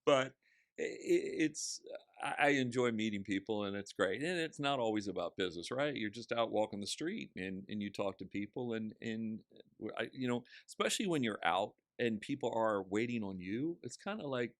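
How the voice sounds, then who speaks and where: A man's voice: on the low side, lively intonation, a little fast, no echo. A man who is a real estate agent, chatting as a podcast guest and telling stories with quoted voices. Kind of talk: casual chat.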